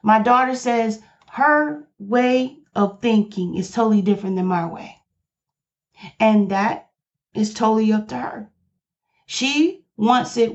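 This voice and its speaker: A woman's voice: fairly high pitch, slow pace, highs cut off. A woman pastor preaching on her podcast, passionate and emphatic, repeating key lines for emphasis.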